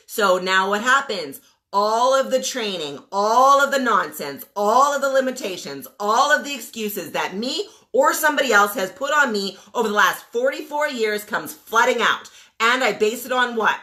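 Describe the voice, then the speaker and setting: Forceful, emphatic woman in her forties. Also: on the high side, lively intonation, normal speed. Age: 40s. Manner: emphatic, preachy, rhetorical questions and repeated commands; blunt, mild swearing. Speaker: coach. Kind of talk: motivational rant to camera.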